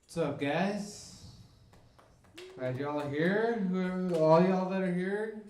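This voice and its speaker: Dry deadpan guy doing stand-up, voice a bit high, echoey room. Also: slow pace, a little hiss or hum. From Mexico. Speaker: stand-up comedian. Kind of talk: stand-up comedy set. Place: comedy club stage.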